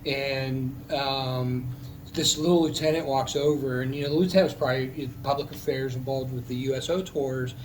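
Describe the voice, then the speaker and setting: A man's voice: mid-range voice, fairly even intonation, normal speed, slight background noise, poor audio. A man, a military veteran, telling a personal story in a casual, heartfelt, rambling way, with many restarts.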